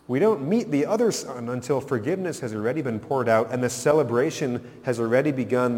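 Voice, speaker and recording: A man's voice: medium pitch, darkish tone, long reverb tail. A man preaching a sermon as pastor, emphatic, rising and falling for effect.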